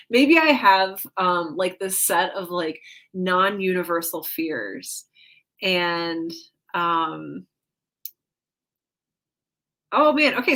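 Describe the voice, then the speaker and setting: A woman with a medium-pitched, fairly bright voice hosts a casual livestream, reading viewer comments aloud and reacting upbeat and playfully. She teases herself in fun and says "like" and "um" often.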